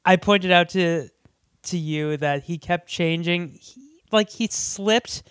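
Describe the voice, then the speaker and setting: A man co-hosts a relaxed movie chat, joking around and performing the characters' lines in silly voices. His voice sits high and is slow, fairly bright, clear, and resonant, captured in studio quality with no echo.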